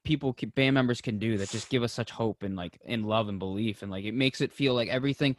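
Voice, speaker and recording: A young man and podcast co-host in casual chat. He tells stories with animated energy, jumping into high excited voices when quoting people and dropping soft and low on heavier moments. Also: fast.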